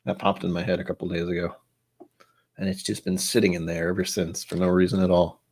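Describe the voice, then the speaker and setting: A man from the States hosts a whisky tasting on a casual livestream from his home, his voice sitting a little low. He rambles, mutters to himself while setting up, and pokes fun at himself between sips. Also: flat delivery, a little fast, a little mellow, husky. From United States. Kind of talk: casual solo livestream chat. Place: home room, seated at a desk with glasses.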